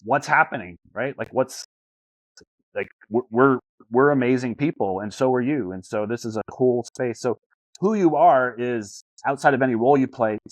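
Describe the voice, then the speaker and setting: A man's voice: medium pitch, normal speed, no echo, poor audio. A man talking as a life coach on a video call, earnest, often repeating words as he searches for the phrasing. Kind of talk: casual coaching talk over a call.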